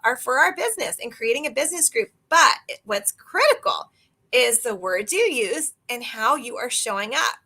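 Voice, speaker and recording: Animated woman coaching on a live call. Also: high voice. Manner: animated, exclamatory, asks the audience questions. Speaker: sales coach. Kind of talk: live online training.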